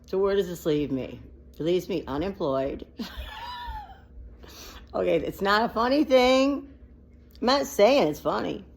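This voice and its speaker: Speaking at a moderate pace with lively intonation and vocal fry, this medium-pitched woman records an unscripted personal vlog monologue. She is an adult with a child, and she rambles emotionally, nearly crying as she talks.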